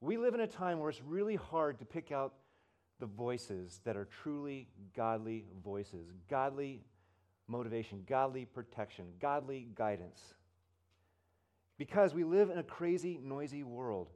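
In front of a church congregation, a pastor preaches with animated stories, imitating the voices within them. His medium-pitched delivery is unhurried.

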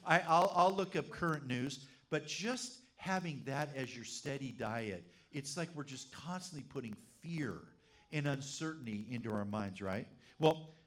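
A middle-aged man preaching a sermon as pastor, telling a funny story with lively energy. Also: mid-range voice, unhurried. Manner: animated, humorous storyteller.

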